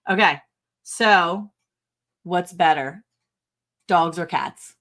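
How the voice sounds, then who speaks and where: A woman's voice: on the low side, very slow, a bit bright. A middle-aged woman co-hosting a casual livestream, giggling often and reading viewer comments aloud. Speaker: livestream co-host.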